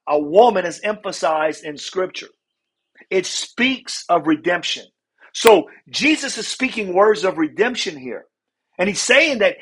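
A man teaching a Bible lesson. He reads scripture slowly, then explains it conversationally and often asks "right?" to check in with listeners. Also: high voice, fairly bright tone, breathy edge.

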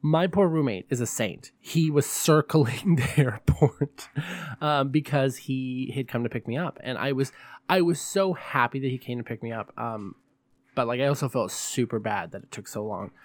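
A man's voice: mid-range voice, moderate pace, no echo. A man hosting a podcast in a campy, chatty, profane casual monologue. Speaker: podcast host.

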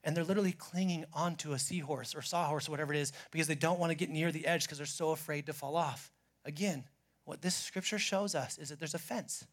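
A man preaching a sermon as pastor, animated, swinging from loud acted quotes to hushed asides. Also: high voice.

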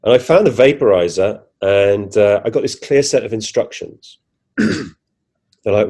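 A man's voice: fairly low pitch, lively intonation, measured pace, darkish tone, husky. A man, a podcast guest animatedly retelling a personal experience, acting out his own reactions with frequent restarts. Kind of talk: casual first-person storytelling.

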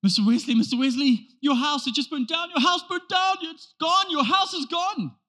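A frantic male messenger in a panic, his voice pitched very high and pushed hard with alarm as he keeps repeating himself, acted out by a preacher in a sermon. The sound is bright and sharp. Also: moderate pace. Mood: panicked.

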